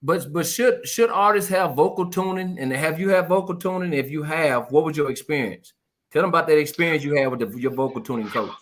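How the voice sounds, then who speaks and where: Relaxed Southern man asking questions. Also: on the high side, a little fast. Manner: relaxed questioner with short backchannel replies. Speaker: interview host. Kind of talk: casual interview.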